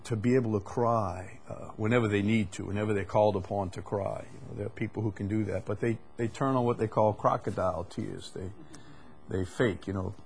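A man teaching the Bible in a conversational way, deliberate, often repeating words with frequent fillers. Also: on the low side, slightly rough.

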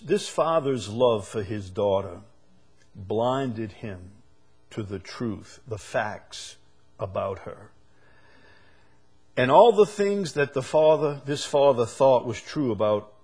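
Male pastor, low and unhurried delivery, preaching with swells and quiet drops. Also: slightly rough. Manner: slow, swelling preaching with loud peaks and hushed drops. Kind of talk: sermon.

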